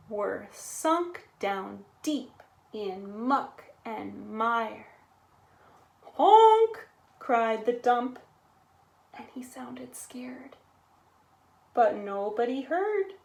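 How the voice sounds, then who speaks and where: Slow, lively woman reading a storybook. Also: fairly high pitch, roomy sound. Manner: animated, with sound effects and call-and-response. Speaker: storytime reader. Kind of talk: reading a picture book aloud to children.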